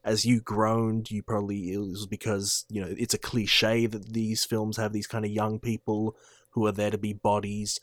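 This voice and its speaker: A man with a fairly low voice, discussing a film in a thoughtful way. The recording is dry and close. He lays out each point step by step. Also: monotone, moderate pace, no echo. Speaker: film podcast co-host. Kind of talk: casual film review chat.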